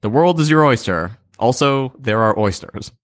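A man co-hosting a comedy podcast, presenting an absurd idea in a dry, deadpan way. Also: medium pitch, moderate pace, dry recording. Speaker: podcast co-host. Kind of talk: deadpan comic pitch.

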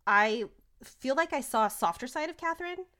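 A woman co-hosting a podcast, talking in a relaxed, chatty way about a TV show and often laughing along. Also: high-pitched, normal speed. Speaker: podcast co-host. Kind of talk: casual TV recap chat.

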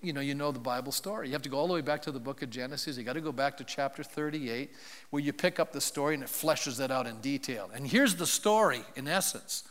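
A man's voice: medium pitch, fast, a bit bright. Man preaching in a reverberant church hall. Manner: conversational storytelling with questions to the congregation. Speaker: pastor. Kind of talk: sermon. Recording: long reverb of a large hall.

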